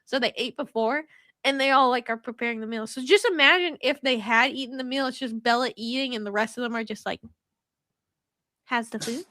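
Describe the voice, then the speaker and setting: Bright, high-voiced woman laughing while retelling. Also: fast, dry recording, studio quality. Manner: laughing, mocking plot retelling. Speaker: podcast co-host. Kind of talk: casual chat.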